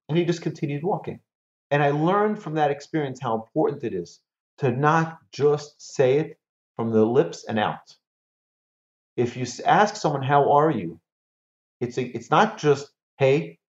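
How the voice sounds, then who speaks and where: Animated man teaching Torah, echoey room. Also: on the high side. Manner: animated, repeats key phrases, asks rhetorical questions. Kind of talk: Torah lesson. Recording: echoey, slightly dull room recording.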